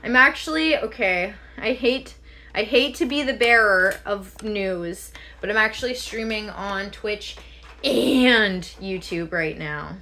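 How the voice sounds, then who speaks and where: A woman's voice: mid-range voice, slow pace, sharp tone. A young woman chatting casually on a livestream, rambling from one thought to the next, laughing often and swearing freely.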